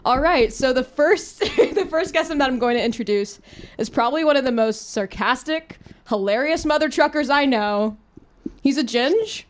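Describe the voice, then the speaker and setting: High-voiced bubbly young woman host. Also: lively intonation, normal speed. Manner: bubbly and giggly, teasing. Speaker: podcast host. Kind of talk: casual chat.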